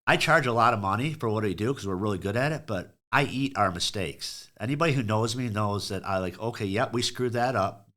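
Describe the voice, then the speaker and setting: A man's voice: lowish voice, brisk, few pauses, fairly bright tone. A middle-aged man who owns a truck repair shop, telling blunt and profane stories on a podcast and acting out calls with customers. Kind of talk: casual podcast storytelling.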